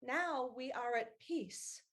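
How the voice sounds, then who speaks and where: A woman's voice: sits high, takes it slowly, fairly bright tone, exaggerated voice. A woman improvising as a bold suffragette lady, declaiming in mock-Shakespearean speech. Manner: declamatory, old-fashioned speech with thee and thou. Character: bold young suffragette lady, earnest and rousing. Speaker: improv stage actor.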